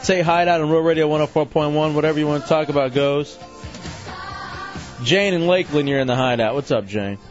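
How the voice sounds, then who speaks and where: A man's voice: on the high side, brisk. A man hosting a late-night call-in radio show, brash and joking with callers, calling them brother. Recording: muffled radio broadcast with faint music.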